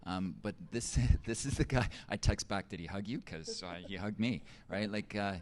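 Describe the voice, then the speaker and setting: Middle-aged male teacher, very low voice, casual testimony full of fillers and restarts. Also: normal speed. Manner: conversational, many fillers and restarts. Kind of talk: personal testimony in an interview.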